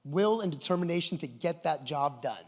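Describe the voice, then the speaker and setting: A middle-aged man giving a conference talk with enthusiastic, animated storytelling, recorded in a large conference hall. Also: on the high side, moderate pace. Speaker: conference presenter.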